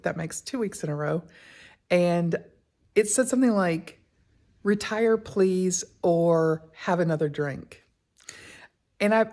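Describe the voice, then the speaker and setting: A woman's voice: on the low side, a little mellow. An older woman hosting her own channel, chatting casually and laughing often as she tells stories. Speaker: YouTube channel host. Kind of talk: casual vlog monologue.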